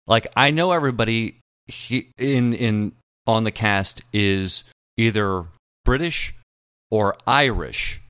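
A man's voice: on the low side, slow pace, clear, resonant tone, dry recording, studio quality. A man co-hosting a podcast, casually chatting and eagerly asking questions. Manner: animated, probing questions. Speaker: podcast co-host. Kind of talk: casual chat.

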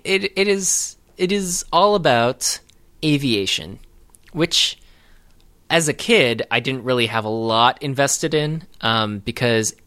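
A man's voice: medium pitch, bright, forceful tone, smooth. A man co-hosting a podcast, chatting casually about a movie in a rambling way with frequent fillers and laughs. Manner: rambling, self-interrupting, laughs often. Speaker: podcast co-host.

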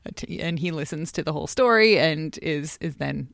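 A woman co-hosting a casual podcast, amused and animated, who acts out quotes with a jump in pitch. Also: a little fast, creaky, dry recording, studio quality. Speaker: podcast co-host. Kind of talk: casual chat.

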